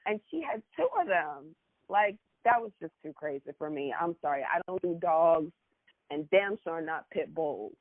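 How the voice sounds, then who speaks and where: Panelist, male, blunt and animated, dry tinny phone-like sound. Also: on the high side, normal speed, dry recording. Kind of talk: casual talk show chat.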